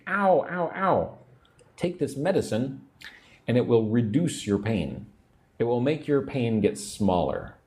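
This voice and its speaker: Slow, lively man teaching English. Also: medium pitch. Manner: slow, explains words and drills pronunciation, reads viewer comments. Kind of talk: livestream language lesson. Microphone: own microphone at a computer.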